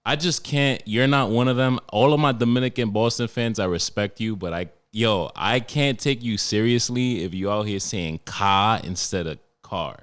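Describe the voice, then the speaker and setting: A young man from New York hosting a casual podcast chat, telling stories in a profane, animated way. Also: medium pitch, normal speed, few pauses, smooth. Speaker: podcast host.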